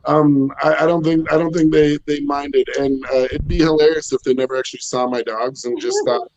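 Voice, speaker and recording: A man in his thirties with a loud, bassy voice, doing a rambling stand-up set from home with lots of ums and chuckles. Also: fairly even intonation, fairly quick, lo-fi sound. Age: 30s. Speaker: stand-up comedian. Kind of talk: casual stand-up set over video call. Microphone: home video call.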